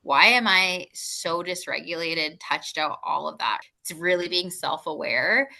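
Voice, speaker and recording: A woman's voice: fairly low pitch, measured pace, gravelly, pushed and bright. A woman in her thirties talking casually as a podcast guest, chatty and full of "like", laughing easily.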